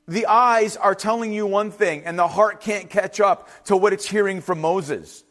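A male pastor delivers a sermon in a fairly high, bright-toned voice at normal speed with few pauses. Animated and conversational, he slips into the voices of people he quotes and tosses in casual asides.

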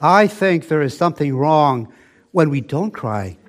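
Older preacher, slow and emphatic. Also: male voice, animated. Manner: slow, emphatic preaching with dramatic drops to a soft, low voice. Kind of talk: sermon.

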